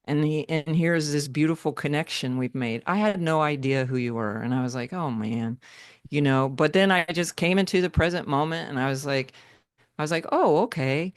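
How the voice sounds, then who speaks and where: A woman's voice: rumbling low, clean tone, dry recording, studio quality. A woman speaking as a guest on a video call, heartfelt and rambling with restarts. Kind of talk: casual conversation.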